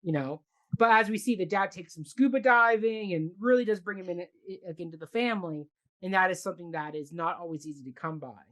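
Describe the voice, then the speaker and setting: Lower-voiced woman rambling about a play. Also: brisk, fairly bright tone. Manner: rambling, many fillers and restarts. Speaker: podcast co-host. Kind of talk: casual theatre review chat.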